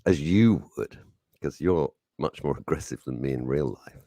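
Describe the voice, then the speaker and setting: Hoarse british guy, super low gravelly voice, lively rant. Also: moderate pace, no room sound, clean studio sound. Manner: ranting, joking storyteller. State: hoarse, sore throat. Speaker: radio show host. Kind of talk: casual banter on air.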